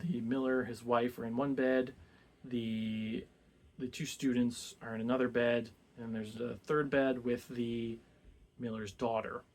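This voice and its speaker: A young man retells a classic tale in a relaxed, chatty way. He keeps slipping into short put-on voices for the characters, then drops back to his plain voice at a mid pitch. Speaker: book club host. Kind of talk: casual retelling of a classic book.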